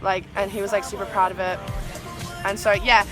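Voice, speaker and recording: A young woman vlogging, telling an excited story in a chatty way, full of "like" and swearing. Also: medium pitch, fairly quick, over music. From Australia. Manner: chatty, swears a lot, heavy use of "like".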